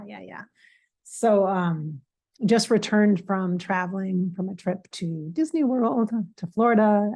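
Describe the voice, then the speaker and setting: A woman with a slightly raspy, hoarse voice, chatting casually and emotionally to her viewers, laughing at herself and rambling. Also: mid-range voice, a little mellow. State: a bit hoarse. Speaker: spiritual channel host. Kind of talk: casual vlog talk to viewers.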